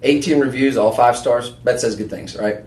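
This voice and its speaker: A man's voice: mid-range voice, moderate pace, darkish tone, reverberant. Chatty male shopping-channel host. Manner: rambling, chatty, lots of fillers and restarts. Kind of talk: live on-air sales pitch. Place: TV shopping studio.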